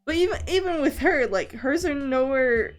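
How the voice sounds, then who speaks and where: A woman's voice: high-pitched, expressive, normal speed. A young woman streamer chatting casually during a drawing stream, rambling, laughing often and swearing now and then. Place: home streaming setup. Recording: faint background music.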